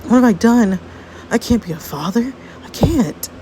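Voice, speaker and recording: A woman's voice: a little high, animated, normal speed, warm tone, a little hiss or hum, pitched above the performer's own voice, lightly acted, rough recording. A woman voicing a teenage boy who is anxious and blames himself over becoming a father. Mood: distraught. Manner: distressed, self-blaming.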